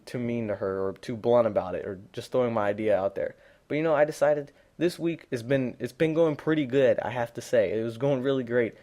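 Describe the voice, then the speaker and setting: Unscripted gameplay commentary comes from a teenage gaming commentator whose mid-range male voice is a little mellow. His delivery is blunt and rambling, with plenty of fillers and restarts.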